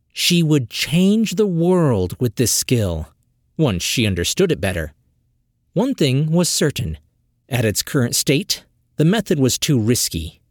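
Male audiobook narrator, animated delivery, dry close recording. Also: a little high, no room sound. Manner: expressive, dramatic storytelling.

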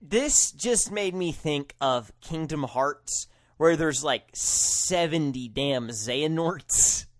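A man co-hosting a podcast, musing in slow, animated casual chat with fillers. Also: on the high side. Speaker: podcast co-host.

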